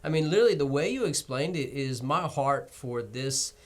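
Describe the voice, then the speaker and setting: A male pastor hosting a relaxed church conversation show. He talks earnestly and encouragingly, now and then laughing at himself. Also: mid-range voice, moderate pace. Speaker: pastor and host.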